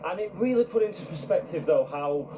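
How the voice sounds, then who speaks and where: A man's voice: high-pitched, expressive, brisk, echoey room, noisy background. A man from the UK, earnestly telling a travel story to camera and reflecting on it. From United Kingdom. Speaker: travel vlogger. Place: outdoors in a park.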